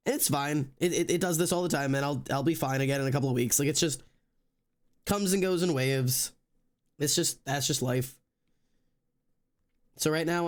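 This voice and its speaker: A young man talks casually to his stream from home, his voice sitting a bit higher than most men's. He rambles, trails off and restarts often, easygoing and unscripted. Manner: rambling, loose, many fillers and restarts. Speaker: streamer drawing live. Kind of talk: casual chat with stream viewers. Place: indoors at home.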